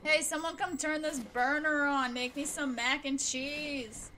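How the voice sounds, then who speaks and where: A woman commenting as she plays a horror game, jumpy and talking to the screen, with bursts of nervous laughter and shouting. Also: high voice, steady tone, a little slow, a little hiss or hum. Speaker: gameplay commentator. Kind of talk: let's play commentary.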